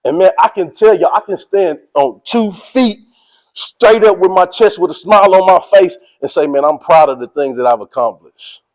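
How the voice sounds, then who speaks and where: A man giving a motivational speech to a sports team, energetic and preachy, speaking in casual slang and calling out to his listeners. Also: high-pitched, moderate pace, poor audio. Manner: casual slang, drawls "y'all".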